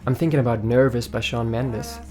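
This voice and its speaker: A man's voice: medium pitch, fairly even intonation, fairly quick. Chatty young man vlogging. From Germany. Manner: chatty, upbeat, jokey, reads out comments. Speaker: YouTube musician answering viewer questions. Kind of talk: casual Q&A vlog. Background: faint guitar music.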